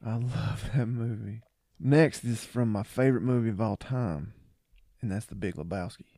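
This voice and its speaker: A man co-hosting a podcast in casual chat, animated as he quotes movie lines and laughs along. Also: fairly low pitch, moderate pace, creaky, no echo, studio quality. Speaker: podcast co-host.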